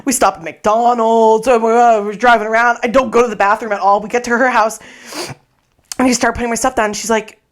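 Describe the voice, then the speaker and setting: A woman tells a story on a podcast, her voice sitting a little high. She is animated and swears a lot, acting out what she said and laughing along the way. It is loose, casual chat. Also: fairly quick. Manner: animated, swearing, acts out her own quotes, laughs often. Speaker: podcast co-host. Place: podcast recording space.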